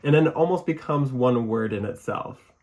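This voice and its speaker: A man's voice: medium pitch, expressive, normal speed, a little mellow. A man with a Michigan accent hosting a live podcast, talking casually in a rambling way and laughing often. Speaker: podcast host. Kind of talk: casual live-show chat.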